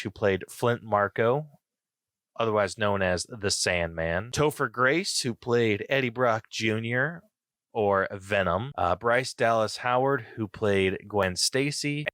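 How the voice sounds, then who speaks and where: A man co-hosting a podcast, reading off a list and chatting about movies in an unhurried way. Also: lowish voice, lively intonation, a bit bright, dry recording, clean studio sound. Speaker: podcast co-host. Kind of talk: casual movie discussion.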